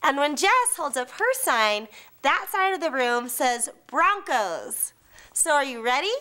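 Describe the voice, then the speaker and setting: A woman's voice: sits high, big pitch swings, unhurried, pushed and bright. A woman cheerleader speaking upbeat to a room of students and leading a cheer. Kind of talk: school presentation to students.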